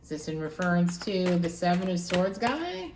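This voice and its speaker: A woman giving a casual tarot reading, musing aloud and repeating phrases with animated excitement. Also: lowish voice, moderate pace, recorded from a distance, a little hiss or hum. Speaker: tarot reader. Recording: echoey room, voice from off-mic.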